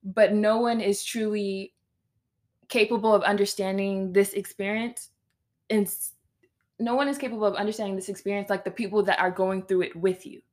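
A woman's voice: mid-range voice, fairly even intonation, normal speed, darkish tone. A young woman hosting a podcast, giving earnest, encouraging advice to students in casual chat and laying out her points one by one. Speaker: podcast host.

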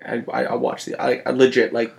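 A man's voice: medium pitch, monotone, brisk, gravelly. A young man co-hosting a casual podcast chat, easygoing, swearing casually and laughing a lot.

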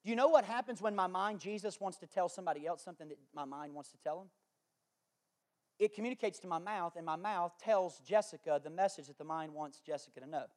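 A man with a high voice delivers a Sunday sermon. He moves between easygoing, folksy asides and repeated, emphatic lines pushed out with force. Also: fast. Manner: emphatic and repetitive, building to loud declarations; folksy and conversational, with homespun analogies. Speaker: pastor.

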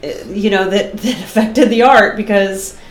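A middle-aged woman from Boston, a guest artist chatting casually in an interview, animated and talkative, laughing often. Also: mid-range voice, normal speed, reverberant. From Boston, USA.

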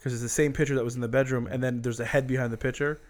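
Guy on a podcast adding bits to a movie recap, mid pitch, easygoing. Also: steady tone, very fast. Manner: chimes in with short agreements and plot details. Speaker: podcast co-host. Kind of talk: casual chat.

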